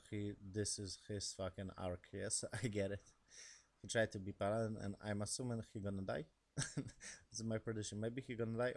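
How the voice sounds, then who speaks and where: Low gravelly man rambling about a show. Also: darkish tone. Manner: rambling, swears often, laughs between remarks; non-native English grammar. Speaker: show reviewer. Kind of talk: casual episode review.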